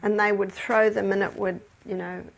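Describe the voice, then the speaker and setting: A woman's voice: medium pitch, little pitch movement, moderate pace, vocal fry. A woman with an Australian accent, giving a storytelling health lecture in a chatty manner. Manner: chatty, laughs between anecdotes. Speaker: health educator.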